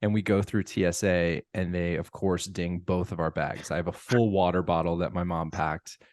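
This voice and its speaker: A man co-hosting a podcast in casual chat, telling a story with animated, acted-out dialogue. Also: low voice, normal speed, no room sound. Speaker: podcast co-host.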